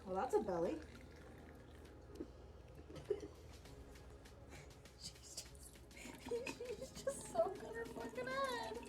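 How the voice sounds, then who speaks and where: A woman's voice: extremely high pitch, wildly swooping pitch, very slow, long pauses, poor audio. A young woman chatting casually on a home vlog, swearing, laughing and ranting about her cat and her neighbors, filmed on a phone. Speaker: vlogger. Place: home, bathroom and office.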